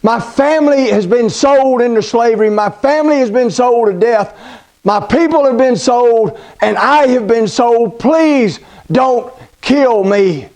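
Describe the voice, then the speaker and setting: A man's voice: very high-pitched, unhurried, darkish tone. A man voicing a tearful pleading queen. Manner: pleading, accusing.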